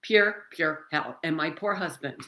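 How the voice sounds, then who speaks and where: A woman in her seventies sharing her own story in casual talk, animated and emphatic, talking with her hands, into a computer mic indoors. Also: sits low, a little slow. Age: 70s.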